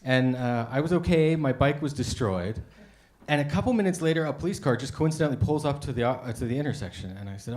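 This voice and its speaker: A man's voice: medium pitch, expressive, fast, a little mellow, reverberant. An American man performing stand-up comedy, telling stories in a conversational way and acting out the voices of people in them. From United States. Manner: conversational storytelling with acted-out voices. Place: café stage with a live audience. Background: audience laughter.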